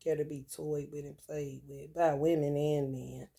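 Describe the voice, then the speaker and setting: A woman's voice: sits low, flat delivery, measured pace, vocal fry, background noise. A woman, telling blunt, profane stories and reading tarot cards in a casual talk. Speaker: tarot reader.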